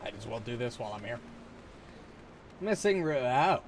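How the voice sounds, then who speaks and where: Male streamer, live game commentary, casual, swears a lot, self-mocking, mid-pitched voice. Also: sing-song, moderate pace, a little hiss or hum.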